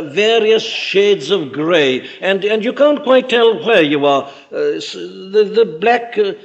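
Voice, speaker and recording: A man preaching a sermon, emphatic and deliberate, rising high and dropping low to stress his points. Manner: emphatic, dramatic swings in pitch and loudness.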